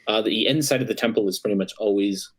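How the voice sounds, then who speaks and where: A man running a tabletop game as game master, describing the scene with many pauses and restarts. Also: on the low side. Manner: hesitant, with many ums and restarts.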